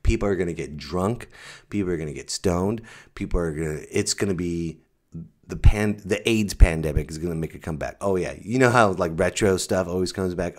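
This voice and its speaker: A man hosting his own comedy podcast, ranting sarcastically, swinging from mutters to loud outbursts. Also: deep voice, fairly quick. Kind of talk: stand-up style podcast rant.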